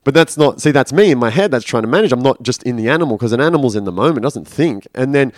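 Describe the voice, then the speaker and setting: A man's voice: mid-range voice, animated, quick pace, no echo, clean studio sound. A man candidly recounting a personal story in casual conversation, swearing freely and acting out his inner voices. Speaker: podcast guest.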